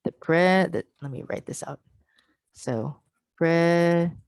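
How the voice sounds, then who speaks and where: A woman presenting an online teacher workshop on pronunciation, explaining patiently and sounding out word parts slowly over a video call. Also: low voice, no room sound.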